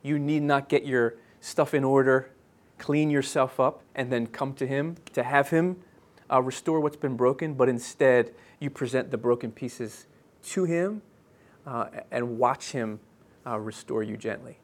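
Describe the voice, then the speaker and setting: An earnest man in his thirties delivers a sermon as pastor, his voice at a middling pitch. He talks in halting bursts full of restarts and fillers. On key phrases he softens and slows right down.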